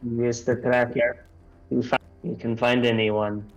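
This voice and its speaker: A man's voice: medium pitch, level tone, a little slow, highs cut off, soft background music. A man playing a tabletop role-playing game, speaking in character and out with frequent hesitations. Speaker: player.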